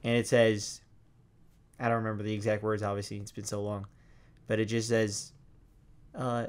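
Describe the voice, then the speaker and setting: A young man hosting a gaming vlog, telling a story in a loose, swearing way and acting out his old reactions with sudden loud, high bursts. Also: normal speed, pauses often, clear, resonant tone. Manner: animated, swears freely, acts out his past reactions in loud high outbursts. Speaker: gaming video host.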